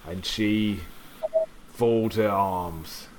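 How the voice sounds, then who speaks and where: A man's voice: on the low side, drawn-out words, a little hiss or hum. Man narrating as game master.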